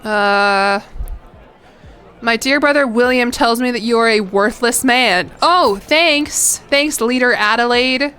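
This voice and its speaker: A woman's voice: on the high side, takes it slowly, pushed and bright, clear, resonant tone, faint music behind, some chatter behind. A woman streaming a strategy game, chatting casually, reacting, laughing and swearing as she plays. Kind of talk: casual gameplay commentary.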